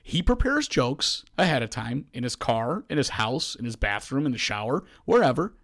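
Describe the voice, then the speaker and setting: Animated man telling a story. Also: mid-range voice, normal speed. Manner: animated, acts out quoted voices, frequent restarts. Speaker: podcast host. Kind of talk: casual storytelling chat.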